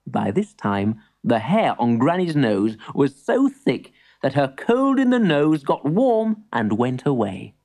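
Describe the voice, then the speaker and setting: A woman reading a children's story aloud, an expressive storyteller. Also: very deep voice, slow pace, hardly any pauses. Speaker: narrator.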